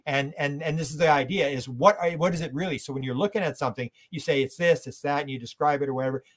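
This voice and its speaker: An older Canadian man, a guest in a conversational interview, speaks fast in a fairly high voice. He tells stories animatedly, acting out the voices of the people he quotes.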